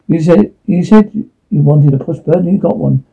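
A man's voice: a little high, normal speed, gravelly, slightly rough, muffled recording. A man voicing a crude teasing young lad.

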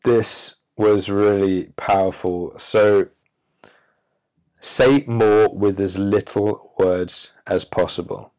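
A man hosting a self-help podcast, speaking emphatically with drawn-out pauses and a preachy tone. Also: lowish voice, steady tone, a little mellow. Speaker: podcast host. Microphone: audio-only recording.

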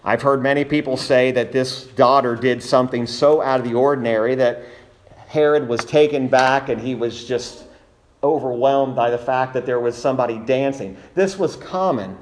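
A man's voice: medium pitch, normal speed. A man preaching an expository sermon, reading scripture and speaking earnestly and emphatically to his congregation.

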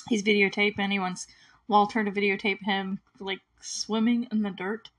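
A woman's voice: mid-range voice, flat delivery, slow pace. Casual woman host with a mid-range voice, chatting through a movie recap with easy laughs. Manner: chatty, peppered with "like" and small laughs; often clears her throat.

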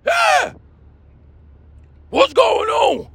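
A man hosting a comedy bit, ranting in a loud, hyped, shouting delivery. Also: very high-pitched, very animated, slow pace, vocal fry, slight background noise. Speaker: comedy host. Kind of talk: comedy rant.

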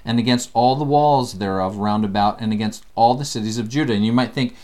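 A man leading a casual scripture study lesson, animated and acting out the voices he quotes. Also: medium pitch, fairly quick.

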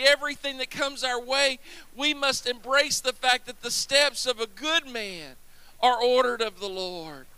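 A man's voice: very high voice, pushed and bright, no echo. A man preaching a sermon, calling for responses from the congregation and repeating his phrases as he builds. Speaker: pastor.

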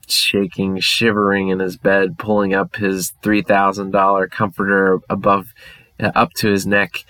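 A man narrates a comic story on his podcast with a wry, quick delivery. His voice sits low and is recorded close and dry, with no room sound. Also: monotone, sharp tone, no echo, poor audio. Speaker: podcast host.

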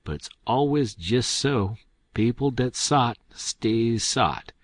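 A man's voice: mid-range voice, expressive, slow pace, no room sound, voice pushed up. A man voicing a frightened, superstitious farmhand who pleads in rambling dialect speech. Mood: fearful pleading.

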